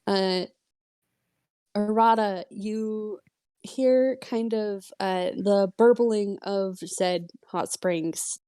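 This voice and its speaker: A woman running a tabletop game, her narration slow and unhurried. Her voice is mellow and soft-edged, and she pauses often on filler sounds as she describes the scene. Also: mid-range voice, smooth, dry recording. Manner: slow, hesitant narration full of filler uhs. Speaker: game master.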